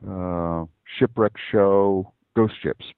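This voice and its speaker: A man with a very deep, dry voice, co-hosting in casual chat. His remarks come out dry and unhurried. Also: fairly even intonation, clean tone, no echo, narrow, tinny audio. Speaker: podcast co-host.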